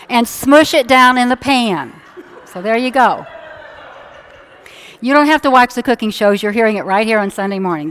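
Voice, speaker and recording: An older woman pastor giving a casual, joking sermon to her congregation in a church sanctuary. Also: mid-range voice. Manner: chatty, joking asides to the congregation.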